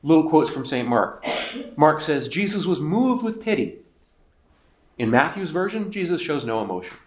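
A man's voice: on the high side, sing-song, moderate pace, echoey room. A man teaching a Bible class, emphatic and conversational, asking questions and then answering them himself. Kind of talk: catechism lecture.

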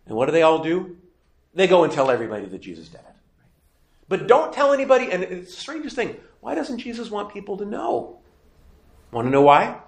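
A man's voice: mid-range voice, echoey room. A man teaching a Bible class, emphatic and conversational, asking questions and then answering them himself. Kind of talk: catechism lecture.

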